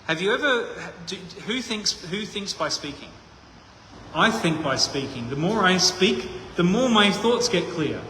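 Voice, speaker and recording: With a high, sharp, very animated voice at a measured pace, a man delivers a sermon in a conversational style, reasoning out loud with frequent restarts. Slight background noise mixes with the long reverb of an echoey hall.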